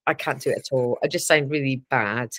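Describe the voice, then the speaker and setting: A woman's voice: extremely low pitch, a little fast, fairly bright tone. A Scottish woman, a podcast guest, chatting casually and laughing often. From Scotland. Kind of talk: casual chat.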